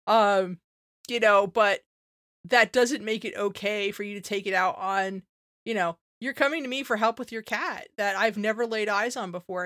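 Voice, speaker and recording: A woman's voice: medium pitch, no echo. Chatty woman vet with a dry close sound. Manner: animated storyteller, acts out her own quotes; many fillers like "like" and "you know". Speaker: veterinarian, podcast co-host. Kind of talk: casual podcast chat.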